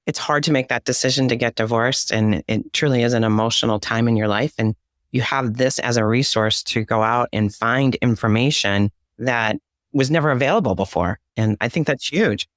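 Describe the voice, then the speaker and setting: A man's voice: mid-range voice, normal speed, fairly bright tone, no room sound, studio quality. A man hosting an interview, answering his guest with encouraging, affirming remarks. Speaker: podcast host. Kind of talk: conversational interview.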